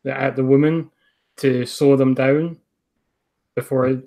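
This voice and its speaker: A man's voice: mid-range voice, fairly even intonation, slow pace, gravelly, warm tone. A man playing a tabletop role-playing game who speaks hesitantly, full of "uh" and "you know". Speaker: player.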